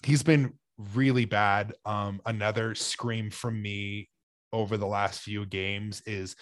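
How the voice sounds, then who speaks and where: A young man co-hosting a casual sports podcast, talking players over in a loose, animated way with lots of fillers. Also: on the low side, takes it slowly, dry recording. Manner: animated, speculative, many "like" fillers.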